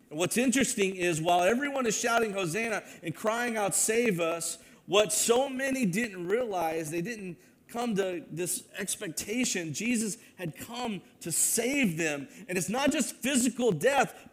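A man preaching a sermon, moving between loud proclamation and hushed, earnest asides. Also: high voice. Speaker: pastor.

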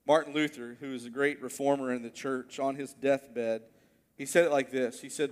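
A male pastor preaching a sermon, telling a story earnestly and slowing down on key words. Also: medium pitch, fairly even intonation, big-room sound. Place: church sanctuary.

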